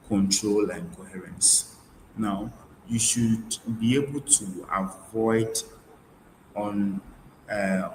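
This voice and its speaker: A man's voice: fairly low pitch, roomy sound, a little hiss or hum, poor audio. A male tutor giving a webinar lecture, repeating key points and often restarting with fillers. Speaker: IELTS tutor.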